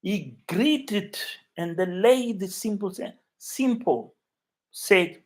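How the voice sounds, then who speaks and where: A man from Africa hosting a casual live chat from his flat, rambling and emotional as he talks to viewers by name. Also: high voice, drawn-out words. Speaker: YouTube livestream host.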